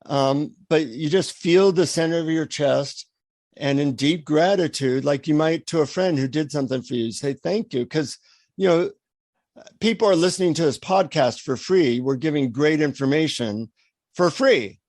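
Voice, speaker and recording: Lively storytelling man, slightly high voice. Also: normal speed, no echo. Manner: lively anecdotal storyteller, acts out dialogue. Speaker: podcast guest, author. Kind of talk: storytelling in an interview.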